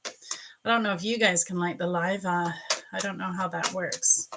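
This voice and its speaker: A woman's voice: fairly low pitch, steady tone, normal speed, heavy background noise. A woman hosting a live stream as a psychic reader, chatting and greeting viewers by name between angel card readings.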